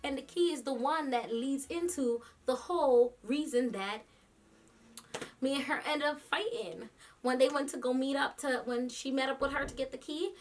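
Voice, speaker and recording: A woman vlogger telling a story in casual chat, animated, laughing often and quoting others in quick asides. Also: high-pitched, a little hiss or hum. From New York.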